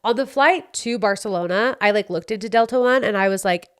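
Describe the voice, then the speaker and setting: A woman, hosting a podcast and telling a story in a chatty, animated way with lots of "like". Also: medium pitch, normal speed, hardly any pauses, smooth. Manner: chatty, animated, heavy use of "like". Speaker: podcast host. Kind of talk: casual storytelling chat.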